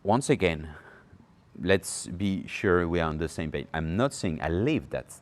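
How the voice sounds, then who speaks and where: Low voiced guy giving a self-help talk, lively up and down delivery, keeps asking okay?. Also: unhurried. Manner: animated, frequent "okay?" checks, acts out little quoted voices. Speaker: personal development speaker. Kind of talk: informal talk to camera.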